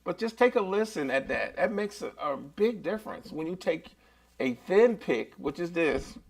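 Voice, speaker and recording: A man teaching a live beginner guitar lesson, chatty and relaxed, talking straight to his viewers. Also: high voice, moderate pace, gravelly.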